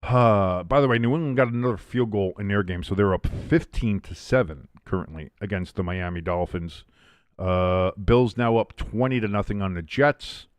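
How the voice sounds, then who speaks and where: A man hosting a live watch-along stream, chatting casually as an excitable fan and reading out comments from his chat. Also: lowish voice, moderate pace, dry recording, clean studio sound.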